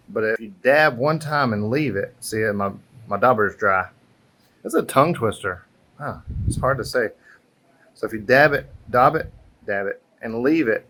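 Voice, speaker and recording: A man's voice: mid-range voice, a bit bright. A man giving a casual craft tutorial on an outdoor patio, chatty and encouraging, thinking aloud as he works, recorded on a camera microphone. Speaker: airbrush artist teaching a craft.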